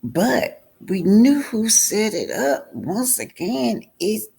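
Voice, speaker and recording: A man's voice: sits high, sing-song, takes it slowly, vocal fry, darkish tone, slightly rough. A man giving casual vlog commentary on a reality show, talking straight to his viewers and repeating points for emphasis.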